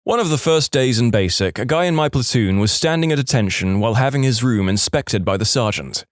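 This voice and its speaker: Lively man reading stories aloud. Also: medium pitch, fairly quick, no echo, studio quality. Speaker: podcast narrator. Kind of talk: storytelling reading of online posts.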